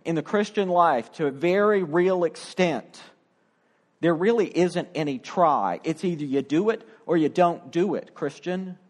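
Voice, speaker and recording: A man's voice: on the high side, unhurried. A middle-aged male pastor preaching a sermon, acting out the quoted voices with drama.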